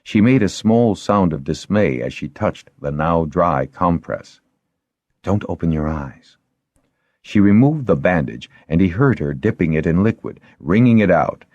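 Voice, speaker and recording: Deep-voiced male audiobook narrator. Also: darkish tone, no room sound, lo-fi sound. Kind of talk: scripted narration.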